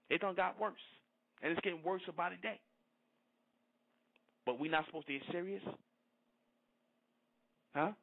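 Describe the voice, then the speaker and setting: A man delivering a forceful, preaching-style monologue, repeating himself and firing rhetorical questions. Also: fairly high pitch. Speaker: speaker. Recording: tinny phone-like line.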